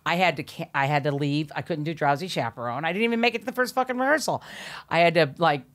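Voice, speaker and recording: A middle-aged woman telling an animated story as a podcast guest, laughing often, swearing and acting out quotes. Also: sits low, fast.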